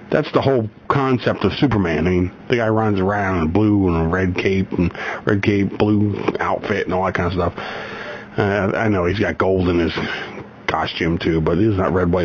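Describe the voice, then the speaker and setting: A man hosting a radio show, chatting casually and reading a news story aloud with many restarts and chuckles. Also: fairly low pitch. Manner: rambling, self-correcting, chuckles often. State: getting over a migraine. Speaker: radio host. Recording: slightly dull radio recording, faint background noise.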